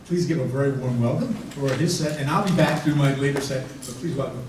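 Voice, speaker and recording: A man in his sixties, a rabbi doing stand-up comedy, telling jokes dryly with pauses before punchlines. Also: medium pitch. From United States. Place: large hall with audience. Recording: echoey hall from far off, room noise.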